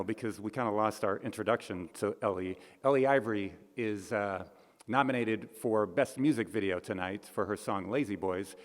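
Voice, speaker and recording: A man hosting an award show with comic, self-mocking, deadpan patter. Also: lowish voice.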